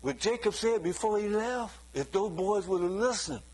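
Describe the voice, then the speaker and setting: A man with a fairly high voice delivers a sermon as if he were chatting with the congregation. He keeps checking in with "you see?", chuckles now and then, and slips into other people's voices to act out everyday scenes. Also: animated, normal speed, a little mellow, rough recording. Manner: conversational preaching with frequent rhetorical "you see?"; chuckles between points, acts out quoted voices. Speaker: preacher.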